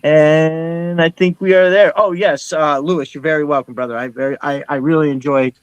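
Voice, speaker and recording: A man's voice: on the high side, fairly even intonation, moderate pace, smooth, no room sound, dull audio. A middle-aged man hosting a live stream in casual, rambling chat. He reads out viewer comments and greets each viewer as brother. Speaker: host of a live stream show.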